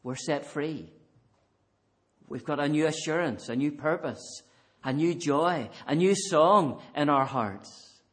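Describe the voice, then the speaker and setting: A man preaching a sermon in a church, swinging between fervent emphasis and quiet intensity. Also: fairly high pitch, slow pace.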